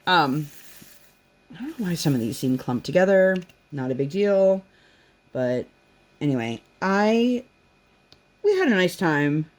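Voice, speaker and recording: Chatty rambling woman, lively pitch. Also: unhurried, long pauses. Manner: rambling, chatty, acts out her daughter's questions in a higher voice. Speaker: crafting vlogger. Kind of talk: casual chat while crafting.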